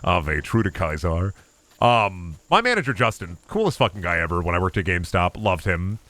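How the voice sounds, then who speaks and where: A man streaming a game, chatting in an animated, rambling, profane way. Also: deep voice, normal speed. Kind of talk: casual livestream gameplay chat.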